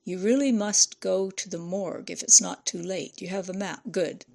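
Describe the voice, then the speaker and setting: A woman voicing a senior nurse who speaks calmly and officiously, with a slight fry in her voice. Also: medium pitch, normal speed. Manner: soothing but officious.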